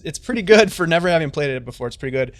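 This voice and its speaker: A man's voice: fairly high pitch, animated, very fast, no room sound. A man narrating a tabletop game on a live stream as game master, chatty and full of fillers.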